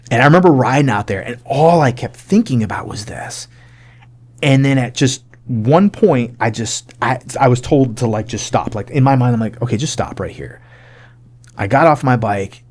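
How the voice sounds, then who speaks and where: A man's voice: mid-range voice, a little mellow. A man, a podcast guest, telling a personal testimony in an emotional storytelling way, full of fillers and acted-out bits of dialogue. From United States.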